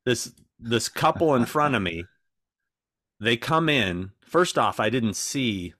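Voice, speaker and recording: An animated man co-hosting a podcast, with a voice that swoops up and down as he tells stories. He swears freely and acts out the people he quotes. The sound is close and dry, with no room around it. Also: mid-range voice, slow pace, no room sound. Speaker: podcast co-host. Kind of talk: casual chat.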